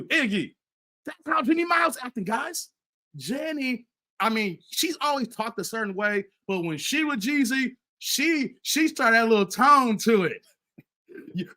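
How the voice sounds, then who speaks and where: A man's voice: high voice, bright, forceful tone. A middle-aged man hosting a casual commentary stream. He talks to his viewers as "guys" and "fellas" and repeats and restarts himself often. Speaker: commentary channel host.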